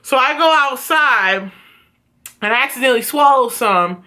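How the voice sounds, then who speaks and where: A woman vlogger telling a story from her childhood in a casual, profane, animated way. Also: high-pitched, moderate pace.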